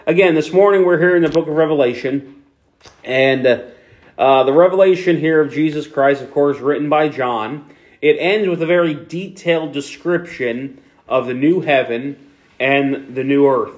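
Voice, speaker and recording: A man with a Philadelphia accent preaching a sermon to his congregation, conversational, with many fillers and restarts. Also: mid-range voice. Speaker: pastor.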